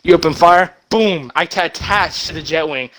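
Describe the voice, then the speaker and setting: A young man retelling a movie plot as a rambling comic story, excited and short of breath, with sudden loud bursts. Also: a little high, normal speed, poor audio.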